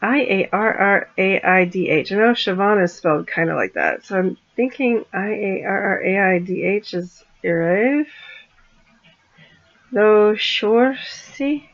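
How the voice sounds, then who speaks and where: A woman's voice: medium pitch, lively intonation, normal speed, hardly any pauses, fairly bright tone, lo-fi sound. A woman vlogger chatting casually, giggling and apologizing as she stumbles through foreign words. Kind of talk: casual chat.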